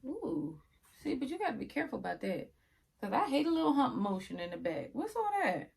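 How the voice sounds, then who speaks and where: A woman casually reviewing a wig for her viewers, chatty and often yelling with excitement. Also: high voice, fairly quick, creaky, slightly rough. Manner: chatty, addresses viewers as y'all.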